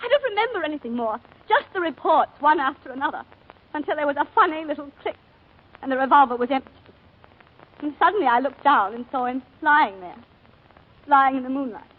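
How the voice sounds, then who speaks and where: A distraught planter's wife describes a shooting, her high, lively female voice halting with emotion. It's 1940s radio acting, and the broadcast sounds tinny and old.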